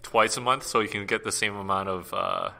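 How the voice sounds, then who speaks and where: A man's voice: lowish voice, brisk, vocal fry, sharp tone. A man co-hosting a podcast in casual chat, musing reflectively with a joking streak. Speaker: podcast co-host.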